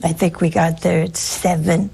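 Gravelly, raspy-voiced woman giving a chatty talk. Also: lowish voice, little pitch movement, moderate pace, warm tone. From United States. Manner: chatty, anecdotal, humorous. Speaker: religious sister giving a talk. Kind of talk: informal spiritual talk to an audience.

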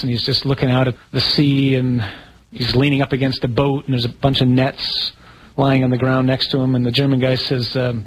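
A man preaching as a priest in a relaxed, conversational sermon, asking the audience questions and poking fun at himself. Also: mid-range voice, husky, rough recording. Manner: conversational, asks the audience questions, self-deprecating humor. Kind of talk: sermon talk to a congregation.

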